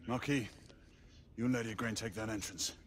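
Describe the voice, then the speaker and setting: An actor playing a stern knight commander. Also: male voice, fairly low pitch, fairly even intonation, a little fast, a crowd in the background, natural voice. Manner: clipped, commanding.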